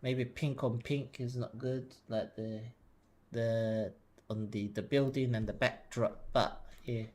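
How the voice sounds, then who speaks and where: Male streamer, quiet and mumbly, hesitant, thinks aloud, sits back from the desk mic. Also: medium pitch, steady tone, takes it slowly. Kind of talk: casual live-stream commentary while working. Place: home desk. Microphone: desk mic, sometimes leaning back from it.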